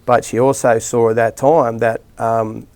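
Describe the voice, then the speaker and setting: His voice sits in the mid range with a darkish tone, level and unhurried. A middle-aged Australian rugby league coach, he spins rambling tales in an easygoing interview, with plenty of fillers and false starts.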